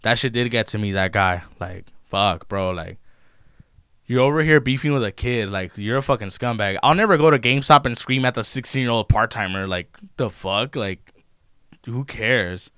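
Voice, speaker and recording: A young man, telling stories in a loose, profane, animated way in casual chat. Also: on the low side, normal speed, clean tone, dry recording, studio quality. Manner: profane, animated retelling of customer-service run-ins.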